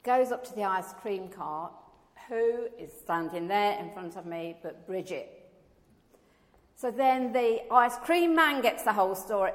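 A woman's voice: medium pitch, lively intonation, measured pace. A woman telling a personal faith testimony in a chatty way, acting out the voices of the people in her story. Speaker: churchgoer giving a testimony. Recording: long echoey reverb.

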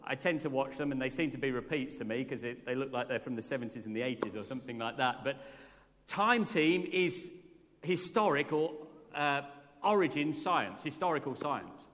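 A man's voice: mid-range voice, expressive, normal speed, a bit bright. Earnest preacher man in a reverberant church. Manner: earnest, conversational, asks the congregation questions. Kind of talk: sermon. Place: church during a morning service. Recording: long reverb from a church hall.

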